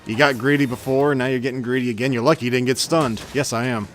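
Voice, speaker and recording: A man's voice: medium pitch, steady tone, quick pace, soft background music. A man giving casual gameplay commentary as a channel host, chatty and self-mocking with grumbling asides.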